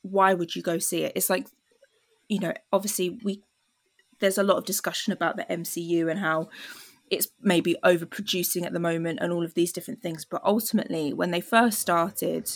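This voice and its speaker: A woman's voice: on the low side, steady tone, fairly quick. Chatty woman hosting a film podcast. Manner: chatty, many fillers, acts out quoted lines. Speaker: podcast host. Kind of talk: casual film chat.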